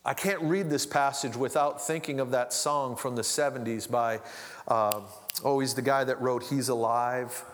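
A man's voice: medium pitch, steady tone, moderate pace, a little hiss or hum. Conversational man preaching in a hall. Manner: conversational, with restarts and asides. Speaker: pastor. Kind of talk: sermon. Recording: long hall reverb.

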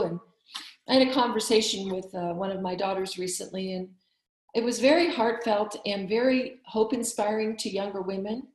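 A woman's voice: mid-range voice, fairly even intonation, normal speed. A woman in her fifties, a physician, giving heartfelt, emphatic encouragement in a conversation. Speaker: physician, summit speaker. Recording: roomy echo.

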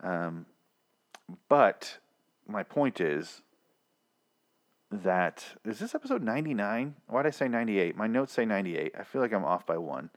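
Rambling, joking young man, slightly low voice, casual solo recap. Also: very animated, moderate pace, long pauses. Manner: rambling, joking, acts out characters in mocking voices. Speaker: podcast host recapping a TV episode.

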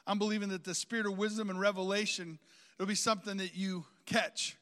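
High bright-voiced preacher in a reverberant hall. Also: male voice, flat delivery, a little fast. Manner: outgoing, calls congregation to repeat phrases. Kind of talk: sermon.

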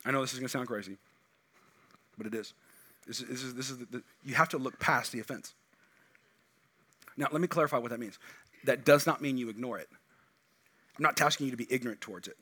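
A middle-aged man preaching a sermon as pastor, animated, swinging between loud emphatic bursts and quiet asides. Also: mid-range voice, fast talker, long pauses.

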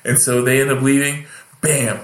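A man's voice: medium pitch, steady tone, normal speed, a bit bright. A man telling a long story in casual chat, rambling with many fillers and restarts. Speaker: guest. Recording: echoey room.

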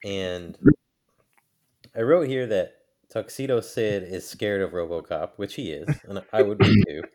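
A man co-hosting a podcast who makes wry, deadpan jokes. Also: fairly low pitch, measured pace, over a noisy crowd. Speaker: podcast co-host. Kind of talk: casual wrestling chat.

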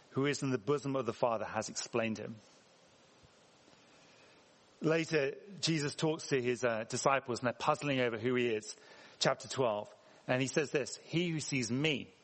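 A fairly high, fairly bright male voice from England preaches in a church hall with lots of reverb. His sermon is chatty, and he keeps putting questions to the people listening.

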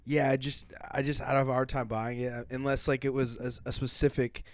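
A man hosting a podcast in relaxed chat. He is agreeable and laid-back, with casual swearing. The sound is dry. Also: medium pitch, brisk, dry recording. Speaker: podcast host.

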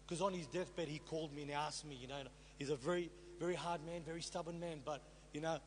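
A middle-aged man sharing his testimony as a sermon to a congregation, telling his story with rhetorical questions. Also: on the high side. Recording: reverberant hall with faint hum.

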